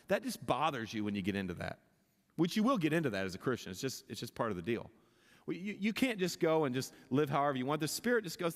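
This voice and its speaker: A pastor preaching a sermon, impassioned, often restarting his sentences and building to louder, higher climaxes. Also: very animated, quick pace. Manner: impassioned, rising in pitch and volume at climaxes, many restarts. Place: church sanctuary. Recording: long reverb of a church hall.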